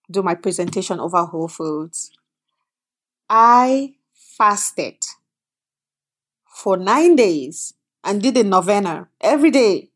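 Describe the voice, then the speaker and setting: A middle-aged woman from Cameroon sits as a guest and tells her story with animated, acted-out voices. Her pitch sits in the middle range. She talks in an earnest, expressive way. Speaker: guest, food company founder. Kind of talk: interview storytelling.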